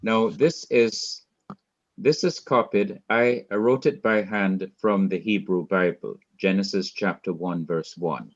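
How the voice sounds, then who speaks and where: A man's voice: fairly low pitch, a little slow, highs cut off. A man teaching a Hebrew class in a patient lecture style, repeating and rephrasing each point. He is heard over a video call.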